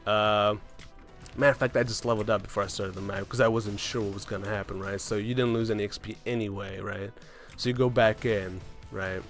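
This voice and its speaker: Over soft background music, a man casually rambles through a story about a game run, often tagging on "right?" and "man." His voice is on the low side, fairly bright and fairly quick, with fairly even intonation.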